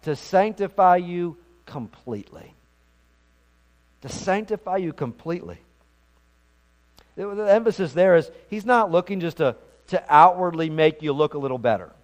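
Male pastor, sermon delivery, slightly higher-pitched voice, earnest, repeats words mid-sentence. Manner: earnest preaching with frequent word repeats.

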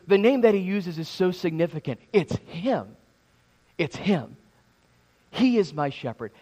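A man in his thirties preaching a sermon in a church, talking in a halting way with many restarts and repeated words. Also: on the high side, a little mellow. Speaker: pastor. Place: church sanctuary.

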